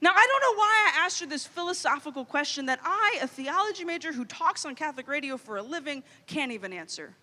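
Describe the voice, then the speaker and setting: A woman in her thirties from Louisiana, telling a funny story as a youth conference speaker, animated and playful. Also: high voice, fast, few pauses. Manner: animated, comic storytelling with quoted inner voices. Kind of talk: storytelling keynote talk. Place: large hall. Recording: long hall reverb.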